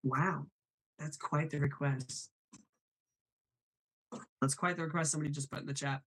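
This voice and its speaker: A man's voice: a little high, steady tone, normal speed, fairly bright tone. Chatty male live-stream host. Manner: apologetic, chatty, laughs often. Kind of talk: casual live-stream chat. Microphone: remote call over the internet.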